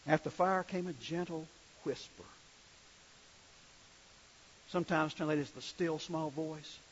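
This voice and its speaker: A man's voice: a little high, measured pace, dull audio, a little hiss or hum. A male preacher giving a sermon in a conversational way, asking the congregation questions as he reads scripture.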